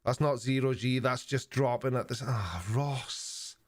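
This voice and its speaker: Older english guy on a live stream, dry sarcastic chat with viewers, mid pitch. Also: level tone, brisk. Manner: dry sarcastic banter, mock-offended asides. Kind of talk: casual live stream chat reading comments.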